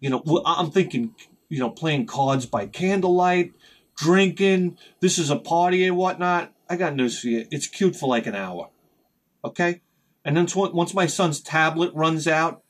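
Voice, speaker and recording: A middle-aged man telling a rambling, profane story as a video host, sometimes shouting as he acts out his panic. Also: on the high side. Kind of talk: casual storytelling vlog.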